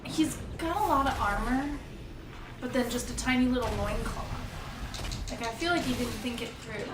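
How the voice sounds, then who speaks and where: Playful woman, high voice, teasing stream guest; distant mic, noisy background. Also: echoey room. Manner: playful, teasing, quick asides. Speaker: guest co-host on a game stream. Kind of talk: casual joking chat.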